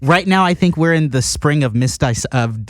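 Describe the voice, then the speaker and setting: A man's voice: on the high side, expressive, normal speed, no room sound, studio quality. A man interviewing a guest in a casual, playful way, joking between questions.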